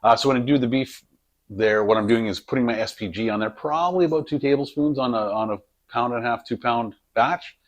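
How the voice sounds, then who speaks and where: A man with a brisk, mid-range voice chats casually on his home cooking vlog, filmed on a camera set on a tripod. He rambles and cracks jokes while working in the kitchen.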